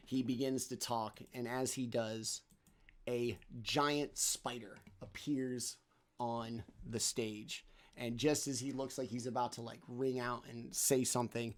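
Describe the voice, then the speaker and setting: A man narrating a tabletop role-playing game as game master, in a loose, unhurried way full of fillers. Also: mid-range voice, fairly even intonation.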